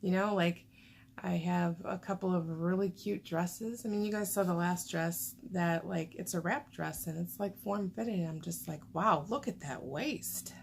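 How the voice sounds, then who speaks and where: Rambling gravelly-voiced woman vlogger. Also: lowish voice, fairly even intonation, moderate pace, darkish tone, slight background noise. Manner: rambling, chatty, frequent fillers. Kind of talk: casual chat to camera.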